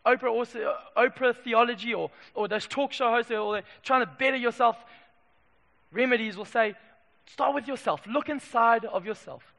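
A man preaches in a church with a high, gravelly voice. His delivery lurches from loud emphatic declarations to hushed asides. His voice rings with a bright edge and carries long hall reverb. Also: moderate pace. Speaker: pastor. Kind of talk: sermon.

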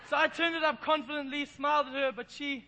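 A man's voice: very high voice, fairly even intonation, quick pace, pushed and bright, rough recording. An Englishman preaching in church, telling a self-deprecating, playful story. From England. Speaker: pastor. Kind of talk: sermon with humorous storytelling.

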